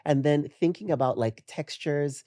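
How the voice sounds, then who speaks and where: A man in his late fifties from the West Indies, a guest makeup artist chatting casually, animated and laughing, with drawn-out emphasis on key words. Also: fairly high pitch, no echo, studio quality. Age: 50s. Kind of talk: casual interview chat.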